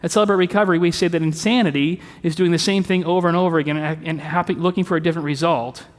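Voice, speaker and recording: High-voiced preaching man. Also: fairly even intonation, very fast. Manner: conversational preaching with rhetorical questions. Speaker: pastor. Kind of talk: sermon. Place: church sanctuary. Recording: long reverb of a sanctuary.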